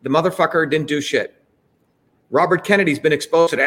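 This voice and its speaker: A man's voice: a little high, brisk. Heated, profane man ranting. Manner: heated, profane, rising to shouts. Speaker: host. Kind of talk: fiery political livestream speech.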